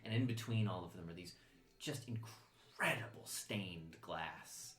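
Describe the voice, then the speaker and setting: A man narrating a tabletop fantasy game as dungeon master, telling scenes in a lively way. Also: sits low, a little slow, echoey room. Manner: animated, lively storytelling with laughs.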